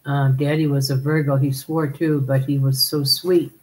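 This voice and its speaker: A woman's voice: very deep voice, little pitch movement, normal speed, rough recording. A woman hosting a live stream, chatting casually, laughing often and calling viewers darling as she reads their comments.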